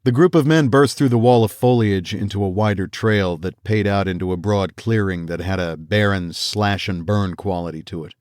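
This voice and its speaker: A man reading a first-person fantasy audiobook aloud in a measured storytelling manner, voicing the characters he quotes. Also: on the low side, a little mellow, no echo, studio quality. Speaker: audiobook narrator.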